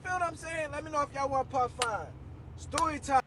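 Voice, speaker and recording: Young guy, high pitched, telling a wild story to his phone, acts out all the voices, faint noise behind. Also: a little fast. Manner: animated, slangy, acts out quoted voices. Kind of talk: casual story time to camera.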